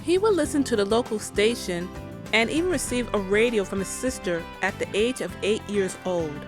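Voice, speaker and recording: A woman host narrates a tribute segment for an entertainment show, at an everyday middle pitch. Her delivery is conversational and scripted at once, with the odd filler and restart. Faint music sits under her voice. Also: animated, moderate pace.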